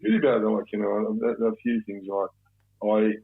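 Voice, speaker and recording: A man's voice: on the low side, moderate pace, vocal fry, breathy edge. A middle-aged man with an Australian accent, telling stories in a casual interview, rambling and swearing freely. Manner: rambling, heavy swearing, blokey. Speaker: podcast guest. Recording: tinny phone line.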